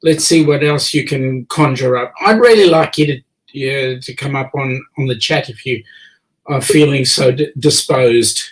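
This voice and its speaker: A man's voice: medium pitch, low-quality recording. A man with an Australian accent hosting a casual online chat show, joking and teasing his guests as he reads the chat. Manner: jokey, chatty, teasing guests. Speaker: host.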